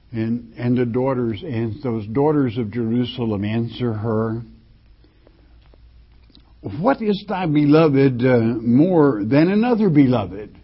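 A man preaching with a slightly husky voice at an unhurried pace. He reads verses aloud, then breaks them down with restarts and fillers. The recording sounds dull and lo-fi. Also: mid-range voice, lively intonation. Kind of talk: sermon reading and explaining scripture.

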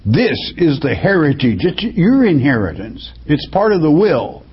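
A man preaching a Bible study, reading verses slowly and then explaining them in plain words. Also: fairly high pitch, breathy edge. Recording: dull lo-fi recording.

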